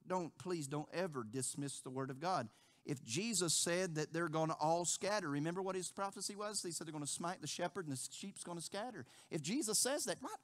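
A male pastor delivers a sermon in a high, bright and ringing voice. He repeats key phrases and acts out quotes, dropping to a hush and then rising to near shouts. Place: church sanctuary.

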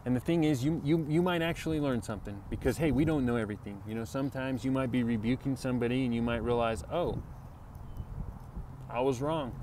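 A man of ordinary pitch talks earnestly through a Bible lesson, loose and repetitive, often asking "right?" as he goes. It is a casual video sermon. Faint traffic and street noise sit under his voice. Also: quick pace, hardly any pauses. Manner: earnest, repetitive, conversational, with many "you know" and "right?". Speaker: Bible teacher.

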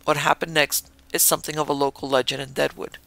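A woman who has worked a hotel front desk for years, read by a male narrator, telling ghost stories in a plain, matter-of-fact way. The voice is gravelly and bright, dry and close to the mic. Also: a little high, level tone, quick pace, no room sound.

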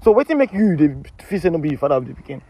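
A man with a Nigerian Pidgin accent hosting a comic street skit, loud and theatrical, teasing and repeating himself. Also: on the high side, very animated, racing, no echo. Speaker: street interviewer.

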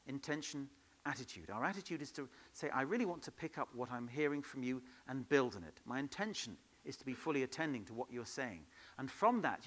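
A man leading an improv workshop at a conference, in a lively, playful way, throwing questions to the audience. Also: mid-range voice. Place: conference hall.

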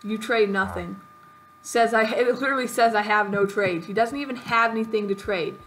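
A woman's voice: mid-range voice, normal speed, fairly bright tone. Chatty woman narrating a game, noisy recording. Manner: chatty, playfully dramatic. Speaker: gaming video host. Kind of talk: let's-play commentary.

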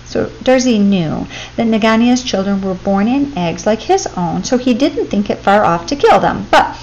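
A woman reading a classic children's story aloud as a storyteller, with expressive, steady pacing. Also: mid-range voice, moderate pace, muffled recording, a little hiss or hum.

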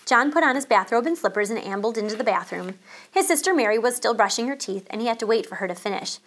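A woman teacher reading a children's chapter book aloud, calm and expressive. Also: on the high side, fast.

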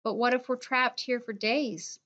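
A woman's voice: fairly high pitch, fairly even intonation, unhurried, a bit bright. A woman voicing an anxious younger boy who keeps asking worried questions, on a dull lo-fi recording.

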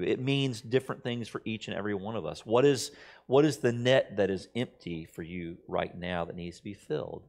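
A middle-aged man preaching a sermon as pastor, talking conversationally and telling stories, sometimes acting out other people's lines. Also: mid-range voice. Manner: conversational storytelling, quoting others in shifting voices.

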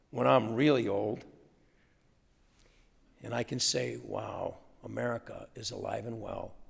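A man's voice: mid-range voice, vocal fry, husky. A man giving an enthusiastic motivational speech to college students, rallying the audience with call-and-response in a lecture hall. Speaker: guest speaker. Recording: roomy hall reverb, faint audience.

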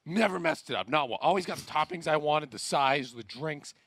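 A man's voice: a little high, expressive, a little fast, a bit bright, no echo. A young man streaming, telling a story in casual chat and laughing through it. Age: young adult.

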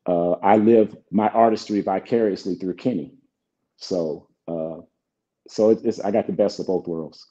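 A man's voice: sits low, unhurried, warm tone. A middle-aged man, a songwriter guest, telling stories in an interview and acting out old conversations. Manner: acts out both sides of past conversations. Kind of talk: relaxed interview storytelling. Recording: dull lo-fi sound.

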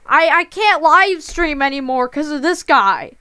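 A woman's voice: high-pitched, expressive, unhurried, pushed and bright, no room sound. A woman streaming a game live, upset and close to tears, talking in stammering restarts with a plaintive tone.

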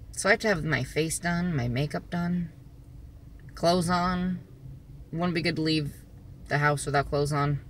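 Woman vlogging on her phone outside, bright tone, rambly with lots of ums. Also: low-pitched, a little hiss or hum. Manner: rambling, chatty, many filler pauses. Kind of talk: casual vlog chat. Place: outdoors in the sun.

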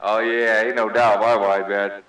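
Man, mid pitch, CB radio host, joking radio lingo, echoey distant sound. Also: level tone, unhurried, fairly bright tone, slight background noise. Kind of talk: casual CB radio chat. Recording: roomy CB radio audio heard from a distance.

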